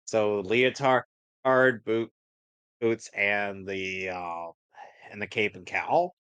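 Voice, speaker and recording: Man, low voice, dry close sound, blunt sarcastic reaction chat, faint music. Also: slow, a bit bright, clear, resonant tone, no room sound. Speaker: stream co-host.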